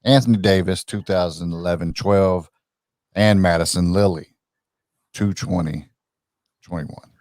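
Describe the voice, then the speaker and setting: A man's voice: low voice, unhurried, pauses often, darkish tone, no echo, studio quality. A man co-hosting a sports podcast, agreeable and often laughing in casual chat. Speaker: podcast co-host.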